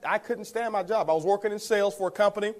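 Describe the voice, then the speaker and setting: A man's voice: high voice, quick pace. A man giving a motivational talk, telling his story to the audience, calling them guys and chuckling as he goes. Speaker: network marketing speaker.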